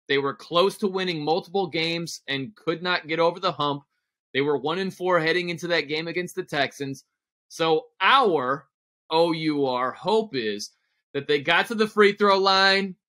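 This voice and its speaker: A man's voice: fairly high pitch, sharp tone. A man appearing as a guest on a radio sports show, talking casually, enthusiastic and plain-spoken, on a studio microphone.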